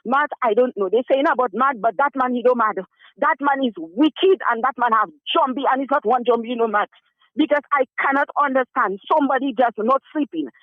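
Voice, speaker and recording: A man calls in to a radio show, his voice strikingly high. He pleads urgently and circles back over the same points. The sound is a dry, tinny phone line. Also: no echo. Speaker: caller. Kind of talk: call-in radio complaint. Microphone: telephone.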